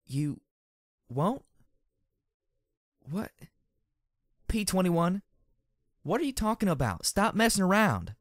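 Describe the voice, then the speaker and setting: A man doing a high, tearful pegasus mare. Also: big pitch swings, slow, long pauses, dry recording, full character voice. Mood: pleading. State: hoarse. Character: young gray female pegasus, earnest and distraught.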